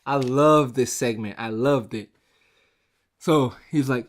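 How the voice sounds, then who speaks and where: Excitable, chatty man giving a review. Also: medium pitch, takes it slowly. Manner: excitable and chatty, often laughing. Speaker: show reviewer. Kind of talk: casual spoken review.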